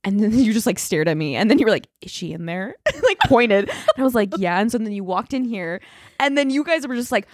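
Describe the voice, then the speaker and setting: A woman's voice: a little high, very animated, a little fast, no echo, studio quality. A young woman co-hosting a podcast, rambling through a story in casual chat, full of fillers and swearing. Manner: rambling, filler-heavy retelling, swears freely. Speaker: podcast co-host.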